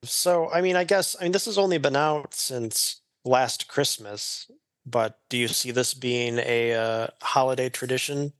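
A man co-hosting a podcast, speaking in a hesitant, halting way during a casual film discussion. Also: mid-range voice, fairly bright tone. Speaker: podcast co-host.

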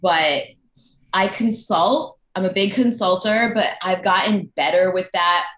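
A woman in her thirties talks frankly as a guest on a casual podcast, poking fun at herself and swearing freely. Her voice is notably low. The sound carries a roomy echo around it. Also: unhurried, a bit bright. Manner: candid, self-deprecating, swears casually. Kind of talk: casual chat.

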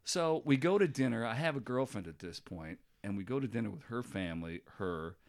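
A man's voice: mid-range voice, fairly quick. A middle-aged man hosting a podcast, telling stories in casual chat with lots of laughter. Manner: animated, laughing storyteller. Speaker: podcast host.

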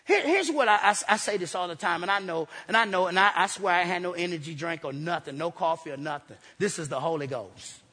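Male pastor, high bright husky voice, fired-up repetitive preaching in a reverberant church hall. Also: fairly quick, hardly any pauses. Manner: excitable, repetitive call-and-response preaching. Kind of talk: energetic sermon. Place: church sanctuary.

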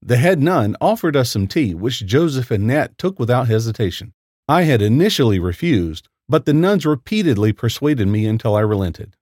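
A man narrating a first-person horror story in a lively, expressive storytelling voice. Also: medium pitch, moderate pace, dry recording, studio quality. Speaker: story reader.

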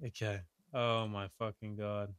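A man streaming live, reacting to videos with loud exclamations, groans and a lot of swearing. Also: on the low side, little pitch movement, measured pace.

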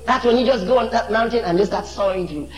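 A man preaching a sermon with fervor, swinging between shouts and low asides. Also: fast talker, reverberant, poor audio.

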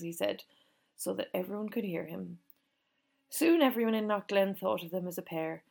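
A woman reading a novel aloud, gently voicing the characters in dialogue. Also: medium pitch, expressive, moderate pace, creaky. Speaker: reader.

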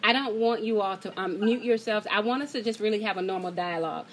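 A woman's voice: medium pitch, quick pace, slight background noise, rough recording. Heartfelt woman hosting a group call. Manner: heartfelt, fighting back tears. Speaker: host of an online gathering. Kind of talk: emotional casual talk to a group call.

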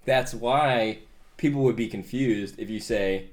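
A man's voice: mid-range voice, a little slow. A teenage American man in casual chat, rambling with many fillers and restarts and laughing often. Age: teens.

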